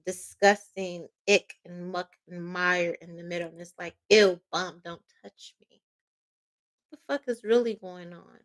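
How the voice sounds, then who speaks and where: A woman giving a casual tarot reading, loud, profane and laughing often, slipping into playful quoted voices. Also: mid-range voice. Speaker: tarot reader.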